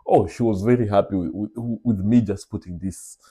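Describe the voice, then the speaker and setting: Deep-voiced man telling a story. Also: normal speed, husky. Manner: animated, confiding, addresses listeners as brothers. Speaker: vlog host. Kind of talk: casual storytelling monologue.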